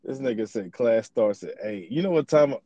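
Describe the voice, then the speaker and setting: A man's voice: medium pitch, lively intonation, normal speed, warm tone, no room sound, lo-fi sound. A young man hosting a podcast in casual chat, loose and profane, rambling through his stories. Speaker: podcast host.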